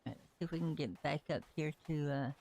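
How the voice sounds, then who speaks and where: Chatty streamer on a casual live gameplay stream, mid-pitched voice, rambles a lot. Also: fast, creaky, a little mellow, slight background noise. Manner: rambling, chatty, talks to characters in the game and to viewers. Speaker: livestreamer.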